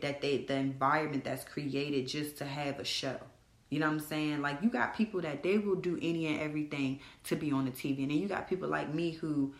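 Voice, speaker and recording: Blunt, animated woman venting in echoey room. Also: low voice. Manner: animated, blunt, swears freely, addresses listeners as y'all. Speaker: podcast host. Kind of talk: candid storytelling monologue.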